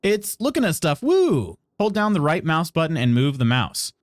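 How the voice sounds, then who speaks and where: A man's voice: a little high, huge pitch swings, moderate pace, dry recording, clean studio sound. A man streaming a game live, reading tutorial text aloud and adding playful, wry asides to chat.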